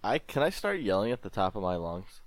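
A man's voice: lowish voice, sing-song, a little fast, dry recording. A man playing a tabletop game, eagerly describing his character's actions in casual talk. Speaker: player.

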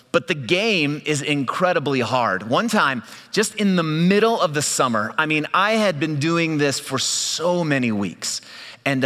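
Lively male preacher with a bright voice, storytelling sermon, reverb of a large hall. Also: a little high. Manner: lively storyteller, laughs often. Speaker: pastor. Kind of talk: sermon opening with a personal story.

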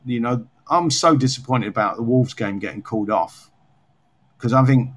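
A man co-hosting an unscripted chat, rambling and gently sarcastic about himself. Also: mid-range voice, normal speed. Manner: rambling, self-mocking, slightly sarcastic. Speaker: podcast co-host.

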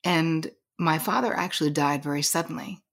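Middle-aged woman guest, low husky voice, earnest storyteller who leans into a whisper for emphasis. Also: normal speed. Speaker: guest, boundaries coach. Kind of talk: personal storytelling in conversation.

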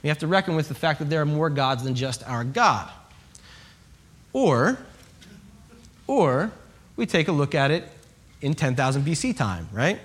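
A man's voice: a little high, sing-song, unhurried, long pauses. A man preaching a sermon, telling stories in a humorous, conversational way and checking in with his listeners. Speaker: pastor.

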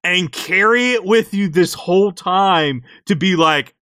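A young man on a podcast, telling a game story in an animated way and jumping into character voices, in a dry close recording. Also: sits high, unhurried, smooth, dry recording. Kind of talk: casual game recap chat.

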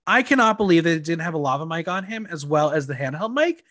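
Man, high voice, very lively pitch, dry close sound, casual podcast chat. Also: fast talker, no echo. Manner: animated, reads out quotes in put-on voices. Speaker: podcast co-host.

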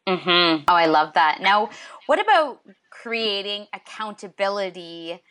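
Bright-voiced woman hosting an interview. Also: mid-range voice, animated, unhurried. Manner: warmly affirming, asks guided questions. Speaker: interview host. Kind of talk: casual conversational interview.

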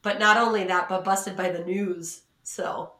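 In a mid-range, steady voice that's a little slow, pushed and bright, a Pacific Northwest salon owner shares a story as a podcast co-host. She laughs a lot, makes fun of herself and performs what others said, and the sound is roomy.

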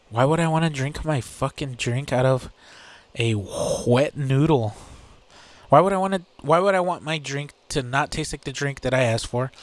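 A man hosting his own show, ranting casually and profanely with sarcasm, fillers and bursts of laughter. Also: mid-range voice. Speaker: podcast host. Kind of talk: casual solo rant.

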